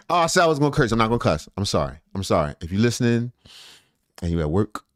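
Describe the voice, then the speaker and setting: A man's voice: fairly low pitch, big pitch swings, quick pace, long pauses, no room sound, studio quality. A middle-aged man hosting a live stream in loose, joking chat, laughing often and swearing freely.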